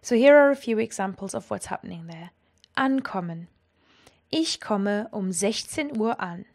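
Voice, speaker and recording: A woman teaching a language lesson, explaining clearly and with lively energy. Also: medium pitch, normal speed.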